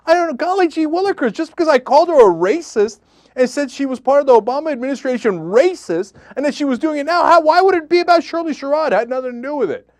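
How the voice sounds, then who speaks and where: Man playing a high, whiny, flustered man, stammering denials, mocking impression. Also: expressive, fast, darkish tone, no echo, clean studio sound. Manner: high squeaky stammering whine. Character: panicky flustered man feigning innocence.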